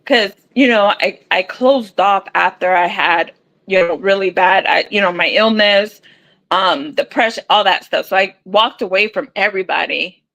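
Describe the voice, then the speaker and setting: A woman chatting casually on a live stream, blunt and quick to swear. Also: medium pitch, fairly bright tone, poor audio.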